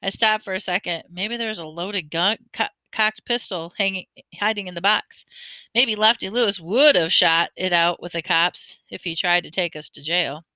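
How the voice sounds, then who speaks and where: A woman reading a children's novel aloud with lively storytelling. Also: fairly low pitch, moderate pace, no room sound. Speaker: audiobook reader.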